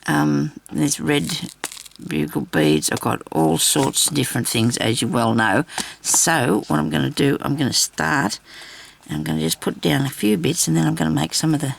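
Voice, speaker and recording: A woman's voice: deep voice, moderate pace, gravelly, slight background noise. A woman vlogging a crafting demonstration, rambling and chatty as she talks straight to her viewers.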